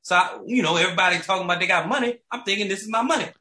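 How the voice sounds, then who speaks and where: A man co-hosting a podcast, telling a profane story in a casual, animated way and laughing as he goes. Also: high voice, very fast, roomy sound, rough recording. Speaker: podcast co-host.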